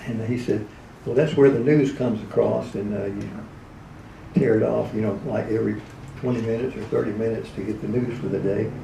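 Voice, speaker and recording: At a live event in a hall, a radio personality tells folksy stories with chuckles, now and then slipping into character voices. His voice is on the low side, steady, brisk and gravelly. The recording is echoey and distant, with a noisy background.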